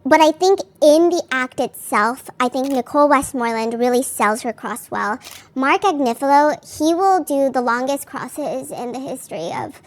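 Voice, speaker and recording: High-voiced chatty woman podcaster. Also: expressive, moderate pace. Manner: chatty, frequent "like" fillers, candid swearing. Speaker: podcast host. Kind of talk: casual commentary on a court case.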